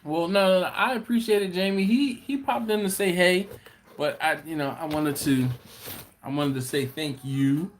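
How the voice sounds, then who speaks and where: There's a little hiss or hum under this man's high-sitting voice. He runs a barbecue channel's live-stream Q&A, spinning stories slowly and easily, chuckling and acting out what others told him.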